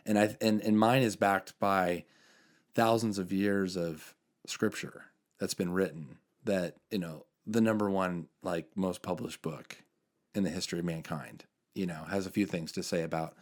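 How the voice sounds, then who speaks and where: A man with a very low, deep voice speaks on a casual podcast. He is earnest and reflective, hedging his points and restarting his sentences often. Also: steady tone, moderate pace. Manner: hesitant, circles back with many fillers; earnest, reflective about faith. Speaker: podcast co-host.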